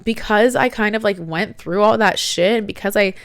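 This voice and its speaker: A woman in her late twenties telling a personal story in a chatty, animated way, with a lot of "like" and acted-out quotes. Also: medium pitch, moderate pace, clean tone, dry recording, studio quality. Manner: chatty, animated, heavy use of "like". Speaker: podcast host.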